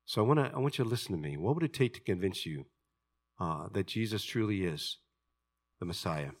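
A man preaching a sermon, swinging from loud, high outbursts to hushed, low passages and acting out the voices of people in his stories. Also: expressive, brisk. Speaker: pastor.

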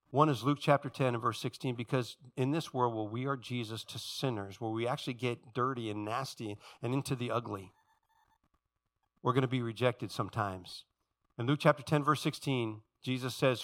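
A middle-aged man preaching a sermon as pastor, swinging from quiet low passages to loud high-pitched exhortation and calling out to his congregation. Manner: calls out to the congregation for responses.

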